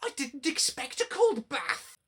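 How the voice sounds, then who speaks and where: A man's voice: extremely high pitch, very animated, unhurried, a bit bright, voice pushed up, heavily acted. A man voicing a cheerful, hardworking little engine in a children's storybook reading, startled and spluttering.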